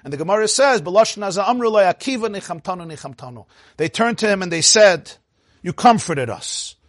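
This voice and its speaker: A man teaching a Torah lecture, telling the story with animated delivery, laughing now and then, and mixing in Hebrew terms. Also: high-pitched, fast, dry recording, studio quality. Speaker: rabbi teaching.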